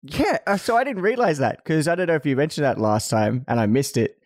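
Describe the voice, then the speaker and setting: A man's voice: fairly high pitch, expressive, a little fast, dry recording, studio quality. A man co-hosting a podcast, running through a film list in a jokey, laid-back way. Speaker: podcast co-host. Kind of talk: casual film chat.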